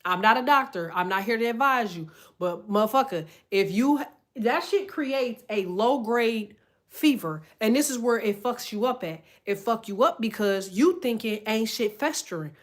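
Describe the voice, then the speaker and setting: Profane, animated woman ranting. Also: a little high, normal speed. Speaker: content creator. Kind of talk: casual rant to camera.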